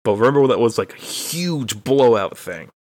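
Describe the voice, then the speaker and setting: A man's voice: medium pitch, expressive, normal speed, a little mellow, no room sound, clean studio sound. A young man from Texas, a podcast co-host, telling a rambling, profane, self-deprecating story in casual chat.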